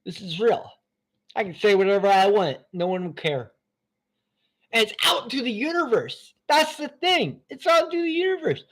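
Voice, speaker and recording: Man talking into his phone, rambling live stream, swears a lot, pitch jumps all over. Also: moderate pace. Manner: excitable, profane, jumps between topics. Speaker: channel host.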